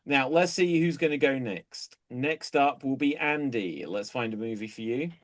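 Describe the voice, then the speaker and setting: A man hosting improv comedy games, brisk and chatty, laughing often between fillers. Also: medium pitch. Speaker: host.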